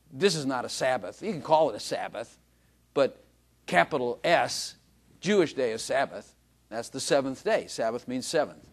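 A man preaching a sermon, telling jokey stories about himself and calling out to the congregation. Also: medium pitch. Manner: animated, joking storytelling with the congregation. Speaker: pastor.

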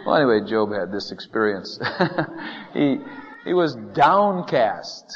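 A man's voice: medium pitch, sing-song, very slow, pauses often. A man preaching a conversational sermon to a congregation, acting out complaints in the first person and chuckling often. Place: church hall with a congregation. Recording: dull lo-fi sound with long hall reverb.

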